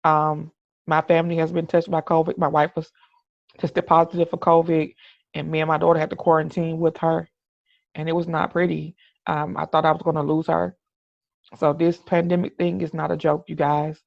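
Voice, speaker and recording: Middle-aged host, gravelly voice, just talking straight from the heart, keeps saying you know what i'm saying, dull dry recording. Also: medium pitch, flat delivery, moderate pace, dry recording. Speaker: podcast host. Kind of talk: candid personal monologue.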